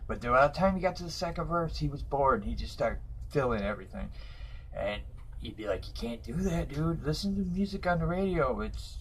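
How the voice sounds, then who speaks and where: A man's voice: mid-range voice, a bit bright, husky, low-quality recording. A man, telling stories casually to his viewers, rambling with lots of fillers and chuckling mid-sentence. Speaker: vlogger. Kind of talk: casual storytelling.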